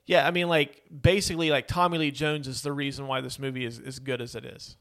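A man's voice: medium pitch, flat delivery, quick pace, a bit bright. A man co-hosting a casual movie podcast, rambling with many fillers and laughs. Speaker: podcast co-host. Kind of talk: casual movie review chat.

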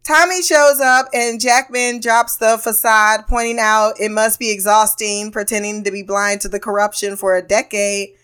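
A woman's voice: mid-range voice, fairly even intonation, normal speed, hardly any pauses, fairly bright tone, smooth. A woman hosting a podcast, recapping a TV episode in a loose, blunt and profane way, laughing often and acting out characters' lines. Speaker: podcast host.

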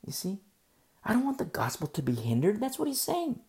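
A woman's voice: medium pitch, wildly swooping pitch, brisk, mellow. A woman preacher giving a verse-by-verse Bible teaching. She is emphatic and rhetorical, repeats key phrases and keeps asking "You see?".

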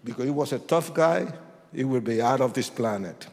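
A man telling his testimony like a sermon, acting out voices and rising to shouts. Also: medium pitch, moderate pace, vocal fry. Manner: animated, acts out voices, swings to shouts. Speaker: testimony speaker. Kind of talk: preached testimony storytelling. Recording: long hall reverb.

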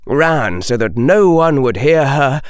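A man narrating a storybook with expressive reading that slows down for dramatic stresses. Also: medium pitch, smooth, dry recording, clean studio sound. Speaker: audiobook reader.

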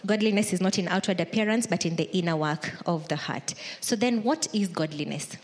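A woman's voice: on the low side, brisk. Woman pastor, conversational sermon delivery, acts out imagined inner voices.

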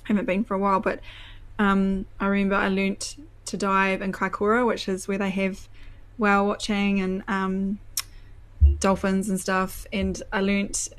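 A woman's voice: medium pitch, monotone, normal speed. A young woman with a New Zealand accent in casual conversation, telling stories with lots of fillers, restarts and laughter. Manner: chatty, laughs often, many fillers and restarts. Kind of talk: casual chat.

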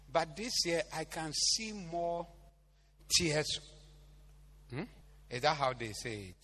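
A man's voice: a little high, a bit bright. A man with a Ghanaian accent preaching a sermon to a congregation, bantering and joking with them as he teaches. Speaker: pastor. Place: large church hall. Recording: echoey hall, faint hum.

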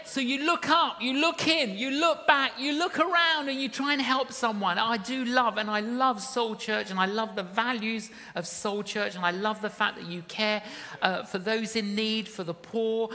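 A woman's voice: mid-range voice, bright, forceful tone. Woman preaching in a reverberant hall. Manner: storytelling, rising to emphatic calls. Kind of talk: sermon. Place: church hall. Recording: long reverb of a large hall.

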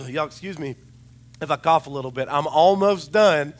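A man delivers a sermon in a rambling, chatty, storytelling way, with a fairly high voice. His voice is a little hoarse as he recovers from losing it. He mixes in humor as he talks to his congregation. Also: a little slow. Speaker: preacher.

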